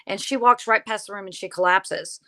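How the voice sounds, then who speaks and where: A woman guest telling a story in conversation, animated, acting out the lines of the people in it. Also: medium pitch, fairly quick. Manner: animated, acts out quoted dialogue. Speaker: podcast guest, paranormal investigator.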